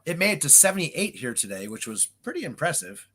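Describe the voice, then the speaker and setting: A man co-hosting a casual livestream, chiming in with relaxed, brief remarks. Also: fairly high pitch, fast talker, heavy background noise. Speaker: co-host. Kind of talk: casual live-stream chat.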